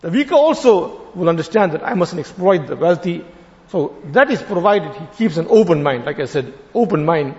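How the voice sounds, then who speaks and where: A man preaches in a high, lively voice that swings widely as he acts out the people in his story. The recording is dull and lo-fi, with a long reverb trailing behind him, as in a large prayer hall. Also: moderate pace. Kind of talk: sermon with storytelling.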